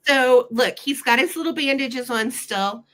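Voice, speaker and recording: A woman's voice: high voice, measured pace, bright, forceful tone. A middle-aged woman hosting a live vintage sale, cooing over old children's books and running bids for her viewers. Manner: gushing, delighted, talks to chat viewers. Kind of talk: live auction chat, reading children's books aloud.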